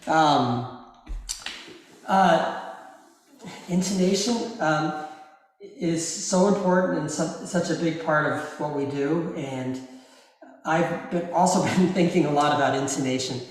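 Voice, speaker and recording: Thoughtful man in a very echoey hall. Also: fairly high pitch. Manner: thoughtful, unhurried, frequent ums and uhs. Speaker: cellist answering audience questions. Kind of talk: live masterclass Q&A. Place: large reverberant hall. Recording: very echoey hall with cello in the background.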